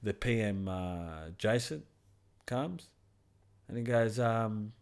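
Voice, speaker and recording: A man's voice: lowish voice, expressive, takes it slowly, smooth. A young man on a podcast, animatedly retelling a work story in casual, crude slang. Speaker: podcast co-host. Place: backyard.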